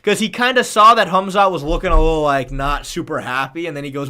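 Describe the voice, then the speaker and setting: Man, high voice, live-stream chat, loose and profane, rambling. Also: a little fast, few pauses, sharp tone, clear, resonant tone. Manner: rambling and profane, thanks viewers.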